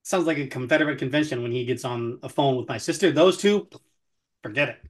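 A man's voice: mid-range voice, fairly quick. A man from Memphis co-hosting a podcast in casual, wry chat, joking and swearing freely. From Memphis, Tennessee, USA. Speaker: podcast co-host.

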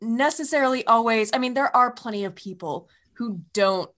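A woman in casual chat who works in wine retail, animated and profane. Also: on the high side, normal speed. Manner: animated, profane, swooping emphasis.

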